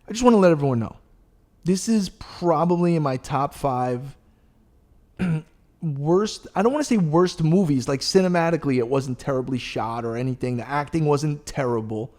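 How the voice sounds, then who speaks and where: A man hosting a podcast, chatting casually and telling a long story in a rambling, profane, animated way. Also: fairly high pitch, normal speed. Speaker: podcast host. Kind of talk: casual chat.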